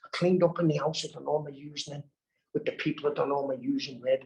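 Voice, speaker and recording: Gravelly Scouse man, blunt and profane. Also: a little high, steady tone, fast, low-quality recording. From Birkenhead, England. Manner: blunt and profane, heavy swearing. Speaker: recovery workshop speaker. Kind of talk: candid live storytelling. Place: live convention hall.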